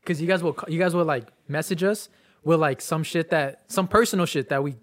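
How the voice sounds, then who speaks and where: Young male co-host, higher pitch, slangy and hyped, casual chat. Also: a little fast, a bit bright. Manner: slangy, hyped, leads topics. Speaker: podcast co-host.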